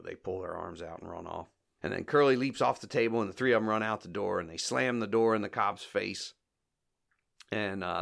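Casting: male podcast host, lowish gravelly voice, chatty recap style, acts out quotes. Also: a bit bright. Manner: chatty, acts out quoted lines, laughs often. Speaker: podcast host reviewing comedy shorts. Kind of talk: casual recap commentary.

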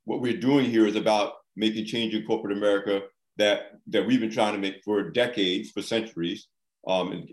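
A man hosting a talk show, measured, with rhetorical wordplay. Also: fairly low pitch. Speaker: show host. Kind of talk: conversational interview talk. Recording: echoey room.

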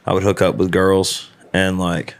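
Deep-voiced laid-back male host. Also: completely flat delivery, measured pace, smooth. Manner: laid-back, swears freely. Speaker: podcast host, singer. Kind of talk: casual chat.

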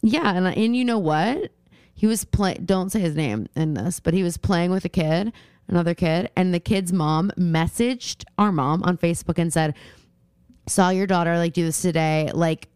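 A young woman co-hosting a podcast, telling stories in a fast, giggly, casual chat. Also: on the low side, lively intonation, darkish tone, smooth, no room sound, studio quality. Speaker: podcast co-host.

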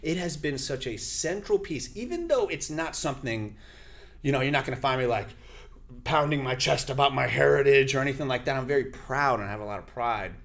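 Lively man telling stories, acting out voices. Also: mid-range voice, fairly quick, vocal fry. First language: Spanish. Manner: animated, acts out the people in his stories. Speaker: guest, actor and radio host. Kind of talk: lively interview storytelling.

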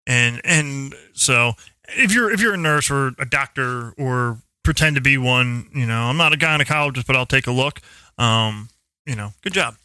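A man's voice: mid-range voice, moderate pace, sharp tone, smooth, no room sound. A man chatting casually on a podcast, rambling and swearing a lot, often restarting his sentences. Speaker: podcast co-host. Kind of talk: casual profane chat.

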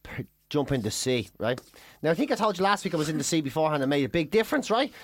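A woman's voice: low-pitched, sing-song, fast, no echo. Irish woman, podcast co-host, comic ranting with casual swearing, dry close sound.

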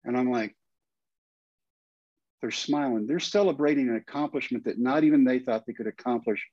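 An animated Texan man in his fifties tells a story and slips into the voices of the people in it. His voice sits at a medium pitch. The sound is dry and a little dull, recorded close in a quiet room. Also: moderate pace, no room sound. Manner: animated storyteller, acts out quoted lines. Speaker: guest, former pitcher and coach. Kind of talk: storytelling in a podcast interview.

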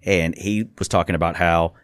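A man's voice: deep voice, fairly even intonation, normal speed, no echo. A man who is a guest in a radio studio, talking sports casually and reading off stats, sometimes correcting himself mid-list.

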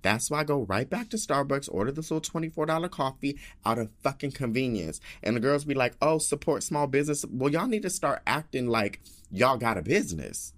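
A man's voice: mid-range voice, very animated, brisk, hardly any pauses, a bit bright. A man hosting a podcast, telling a story in a sassy, dramatic rant full of swearing and asides. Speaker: podcast host.

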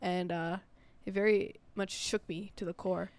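Chatty young American woman, clear voice. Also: lowish voice, steady tone, a little mellow, no echo. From United States. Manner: quick, chatty, laughs often. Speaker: podcast co-host. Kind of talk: casual chat.

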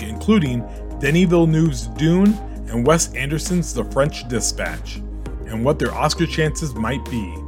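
A man hosting an entertainment awards podcast, with a slight lisp after having a tooth pulled. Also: mid-range voice. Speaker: podcast host. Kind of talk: podcast introduction and casual chat.

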